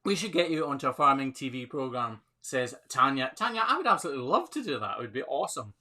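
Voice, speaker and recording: A Scottish hoof trimmer hosts a casual live Q&A on his phone, upbeat and chatty, laughing often as he reads viewer comments. His medium-pitched voice is pushed and bright, fast, with big swings in pitch.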